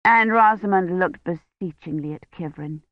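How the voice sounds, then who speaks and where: Slow lowish woman reading an audiobook, dry, kinda dull sound. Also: no echo. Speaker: audiobook narrator. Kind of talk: scripted narration.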